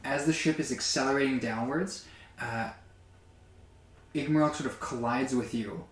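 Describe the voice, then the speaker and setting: A man's voice: mid-range voice, normal speed. A man narrating a tabletop game as game master, with many fillers and a hesitant, casual delivery. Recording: echoey room.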